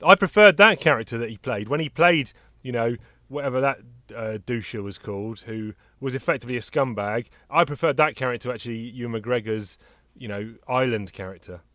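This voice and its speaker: A man's voice: mid-range voice, brisk, sharp tone, dry recording. A man co-hosting a casual film-review chat, often chiming in with agreement and reading from his notes. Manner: chatty, agreeing fillers, reads out notes. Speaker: podcast co-host reviewing films.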